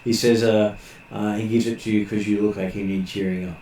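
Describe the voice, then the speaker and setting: A man narrating as game master of a tabletop game, pausing often on fillers as he describes the scene. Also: fairly low pitch, flat delivery, warm tone. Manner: halting, many filler pauses. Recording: echoey room with faint noise.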